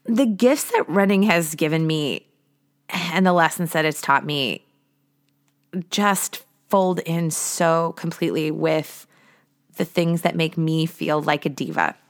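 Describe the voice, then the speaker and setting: A woman hosting a podcast, telling a personal story in a chatty way with lots of "like" and lively acted-out thoughts. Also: low voice, slow. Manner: chatty, says "like" often; lively, acts out her own past thoughts. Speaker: podcast host.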